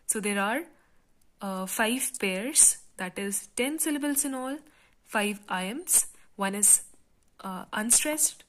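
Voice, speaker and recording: A woman teaching a literature class, explaining step by step in a patient lecture style with frequent pauses and fillers. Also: on the high side, expressive, fairly bright tone.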